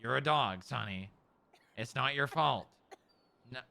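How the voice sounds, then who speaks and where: A man streaming in-character role-play, coaxing and reassuring as he talks gently to a dog and a hurt friend. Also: medium pitch, unhurried, vocal fry.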